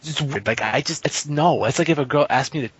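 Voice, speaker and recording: A man rambles through crude stories on a podcast, swearing freely and slipping into quick impressions. His voice is a little husky. The recording sounds muffled and lo-fi. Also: fairly high pitch, dry recording. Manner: profane, rambling storyteller, animated impressions. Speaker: podcast guest, fighting game player. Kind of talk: casual podcast chat.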